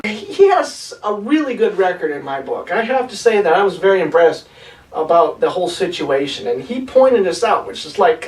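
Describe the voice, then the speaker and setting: A man's voice: sits high, big pitch swings, fairly quick, echoey room, far from the mic, low-quality recording. A man giving an enthusiastic, rambling voice-over commentary as a video host.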